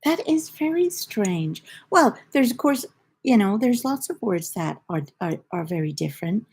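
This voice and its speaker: A woman's voice: mid-range voice, animated, moderate pace, creaky, husky. An older woman from the United Kingdom, hosting a knitting livestream in a rambling, chatty storytelling way. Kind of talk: casual chat.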